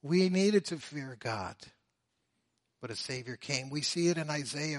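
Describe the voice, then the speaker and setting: A man preaching a sermon, swinging between loud, drawn-out emphasis and hushed, low phrases. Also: no room sound, clean studio sound. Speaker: pastor.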